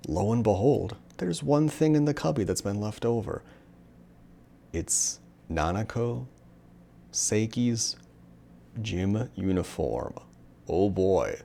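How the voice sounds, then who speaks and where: A young man with a deep, low-pitched voice talks casually about a manga he has read. He rambles and fills his sentences with "like" and "um", and now and then slips into the characters' lines. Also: a little mellow. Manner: rambling, many fillers, acts out character lines. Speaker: manga reviewer. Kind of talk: casual solo discussion.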